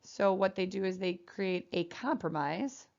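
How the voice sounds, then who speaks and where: A woman's voice: mid-range voice, unhurried, vocal fry, darkish tone. A woman chemistry teacher giving a classroom lecture, explaining bonding and sometimes voicing the atoms playfully. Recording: muffled lo-fi classroom recording.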